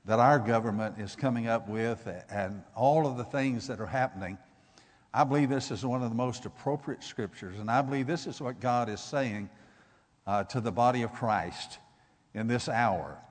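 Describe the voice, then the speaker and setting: Man preaching in a reverberant church hall. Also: mid-range voice. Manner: builds from measured teaching to loud emphatic exhortation. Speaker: guest preacher. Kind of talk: sermon.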